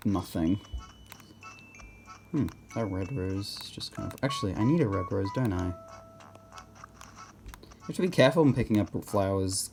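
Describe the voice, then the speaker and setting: Hesitant man with a mellow voice. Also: on the low side. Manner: rambling, hesitant, many restarts and fillers. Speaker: gameplay commentator. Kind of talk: casual gameplay commentary.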